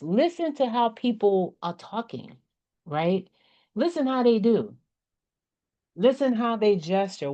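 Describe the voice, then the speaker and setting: A woman's voice: fairly low pitch, darkish tone. A woman with a slight country twang teaching speaking skills in a casual, coaching way, often checking in with her listeners. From Maryland area. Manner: chatty, coaching, checks in with "okay? right?". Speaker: business speaking presenter. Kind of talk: casual workshop talk. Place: indoors at a computer. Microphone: desk microphone with webcam. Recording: dull lo-fi sound.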